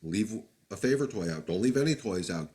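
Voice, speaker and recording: A man's voice: lowish voice, animated, brisk, warm tone. A man, a dog trainer, answering viewer questions on a live stream in a candid, plain-spoken way with many fillers and restarts. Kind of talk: live-stream Q&A, casual advice.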